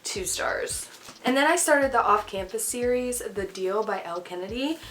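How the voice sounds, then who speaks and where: A woman's voice: fairly high pitch, expressive, moderate pace, noisy background. A woman chatting candidly as she reviews books she has read, with plenty of "um" and "like". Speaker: book vlogger. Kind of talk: casual book review chat.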